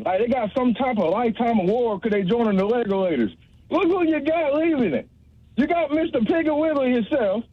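A man's voice: extremely high pitch, breathy edge, no echo. A man calling in to a talk show, teasing the host in a rambling way. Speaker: caller. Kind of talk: casual call-in banter. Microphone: phone line. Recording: dry muffled phone line.

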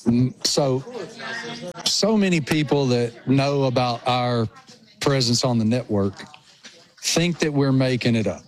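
A man from rural Appalachia with a thick Appalachian accent, co-hosting a radio show with animated, self-mocking storytelling. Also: mid-range voice, measured pace. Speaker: co-host. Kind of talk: casual radio show banter.

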